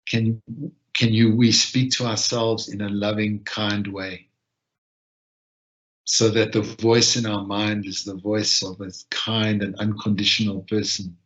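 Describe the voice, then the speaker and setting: A soft-spoken man guides listeners through a reflection and breathing practice, taking his time and leaving long pauses. His voice sits a little low and moves very slowly. The sound is dull and lo-fi, like online session audio. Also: flat delivery. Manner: gentle, unhurried, with long pauses. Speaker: session leader.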